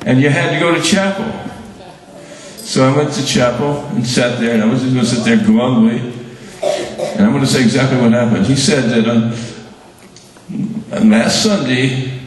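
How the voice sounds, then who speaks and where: Brief older man recounting memories with halting restarts and wry humor, heard from afar in a big echoing room. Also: medium pitch. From Birmingham, Alabama. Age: 70s. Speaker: award recipient giving a speech. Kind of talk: reminiscing speech to an audience. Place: large hall at an awards event. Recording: very echoey hall, mic far off.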